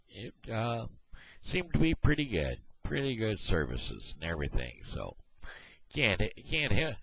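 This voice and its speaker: A man from Missouri talking casually to camera on his video blog, halting often with fillers and restarts, recorded on a headset microphone at home. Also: deep voice, a bit bright. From Missouri, USA. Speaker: video blogger. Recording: dull lo-fi headset mic.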